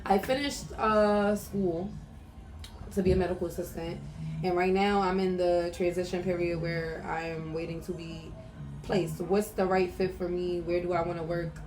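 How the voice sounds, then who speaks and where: A woman's voice: on the low side, little pitch movement, moderate pace, music in the background. A young woman hosting her own podcast, talking candidly and emotionally about her life, with lots of "like" fillers and some swearing. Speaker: podcast host. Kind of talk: casual personal monologue.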